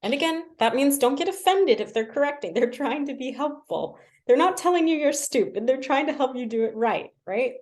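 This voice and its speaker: A woman's voice: high-pitched, lively intonation, fairly quick, hardly any pauses, darkish tone. A young adult woman casually teaching language learning on a livestream, chatty and self-deprecating, with lots of fillers.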